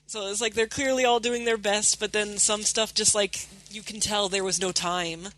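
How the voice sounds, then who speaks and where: A woman's voice: mid-range voice, fairly even intonation, moderate pace, fairly bright tone. Sarcastic woman podcast co-host. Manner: rambling, sarcastic, profane. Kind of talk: casual show review chat.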